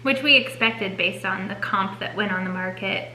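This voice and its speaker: A young woman co-hosting a family channel, chatting casually with warm, fond asides. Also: mid-range voice, moderate pace, a little hiss or hum. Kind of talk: casual chat. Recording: echoey room.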